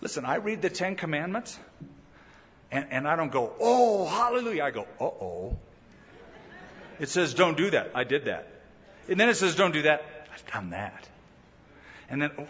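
A male pastor preaching a sermon in a lively way, often acting out the people he quotes. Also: on the high side, in a large hall, dull audio. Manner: animated preaching that acts out quoted speakers.

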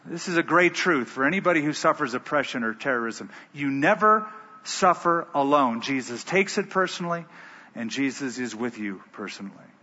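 Male pastor preaching, bright husky voice, dull echoey hall sound. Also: mid-range voice, lively intonation, moderate pace. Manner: storytelling, emphatic. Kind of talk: sermon.

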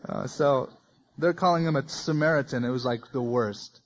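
A man's voice: on the high side, animated, slow, pauses often, breathy edge, lo-fi sound. A man preaching a verse-by-verse sermon, reading scripture aloud with folksy asides.

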